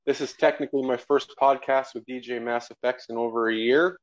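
A man's voice: mid-range voice, fairly even intonation, a little fast. A man hosting a casual podcast, telling jokey stories and laughing often. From Canada. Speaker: podcast host. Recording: dull lo-fi audio.

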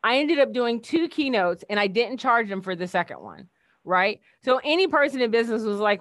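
Woman guest, fairly high voice, lively chatty storyteller who acts out the quotes, dry close sound. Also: a little fast, no echo. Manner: animated, acts out quoted dialogue, laughs often. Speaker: keynote speaker, guest. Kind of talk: casual storytelling chat.

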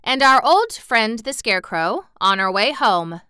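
A woman reading aloud, voicing a kindly little wizard from a storybook in a calm, genial, explaining tone. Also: a little high, a little slow, clear, resonant tone, dry recording, clean studio sound, pitched above the performer's own voice, exaggerated voice.

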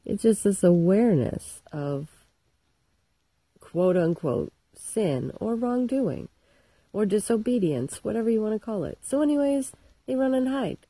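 A woman's voice: mid-range voice, sing-song, a little slow, dark tone, slightly rough, no echo, low-quality recording. A middle-aged woman telling a story in a casual, irreverent and profane comic monologue.

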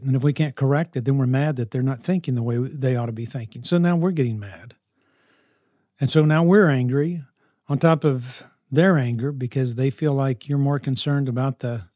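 A man's voice: mid-range voice, darkish tone, no room sound, clean studio sound. A man who lives with and mentors teenagers gives earnest advice to parents, often repeating himself for emphasis. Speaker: houseparent to high school kids.

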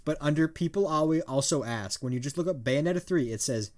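A podcast co-host in his twenties, with a slightly high voice and brisk delivery, tells rambling stories in casual chat. He laughs often and swears casually.

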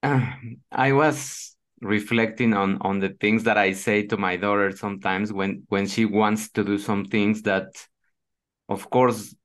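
Low-voiced man, halting podcast talk. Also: fairly even intonation, fairly bright tone. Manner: halting, repeats words while searching for phrasing. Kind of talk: casual podcast conversation.

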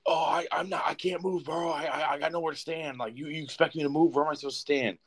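A man's voice: a little high, fairly even intonation, quick pace, pitched above the performer's own voice. A man doing a stammering, agitated older bus rider. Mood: defensive. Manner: stammering, defensive, whiny.

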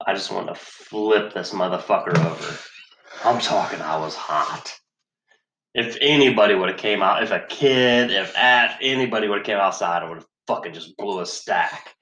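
A man's voice: sits low, normal speed, sharp tone, reverberant, a little hiss or hum. A man telling a story in a profane casual chat, swearing heavily, sighing and laughing as he talks.

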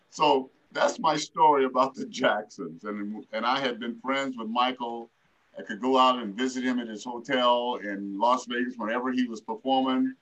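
A man in his seventies, a guest telling a relaxed anecdote in an interview. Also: medium pitch, highs cut off. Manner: relaxed anecdotal telling with lively quoted voices. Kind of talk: storytelling in an interview.

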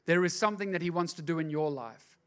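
Male pastor with a high-set voice, sermon delivery, hushed asides building into forceful repeated refrains. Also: quick pace, clean tone. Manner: shifts from hushed, intimate asides to loud, driving preaching; repeats words for emphasis.

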